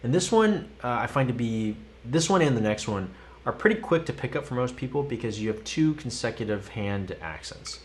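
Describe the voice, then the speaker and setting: Teaching drums on a live stream, a man with a medium-pitched voice speaks fairly quickly and swings sharply up and down in pitch. He chants the counts and stickings in a sing-song manner between explanations as he demonstrates, over heavy background noise from a loud instrument and a metronome.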